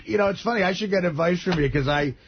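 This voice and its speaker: A man's voice: high voice, quick pace, lo-fi sound, noisy background. A man co-hosting a radio show, rambling and self-deprecating in casual banter. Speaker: radio co-host.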